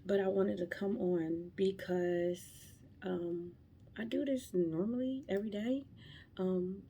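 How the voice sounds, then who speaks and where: A woman's voice: medium pitch, steady tone, takes it slowly, dark tone, dull audio, a little hiss or hum. A young woman giving an emotional devotional talk, fervent and close to tears, repeating her phrases. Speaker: vlogger sharing faith.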